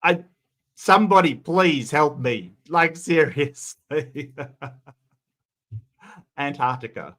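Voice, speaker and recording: A man's voice: a little high, expressive, fairly bright tone. Stammering Australian man, casual commentary. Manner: halting, stammers and repeats words. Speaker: commentary host.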